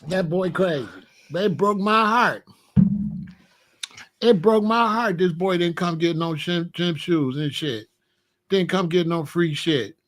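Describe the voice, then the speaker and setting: A man's voice: high-pitched, takes it slowly, a bit bright. An older man, a grandfather, talking casually to camera in a profane, taunting rant, laughing often and asking "you know what I'm saying?". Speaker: vlogger scolding his grandson.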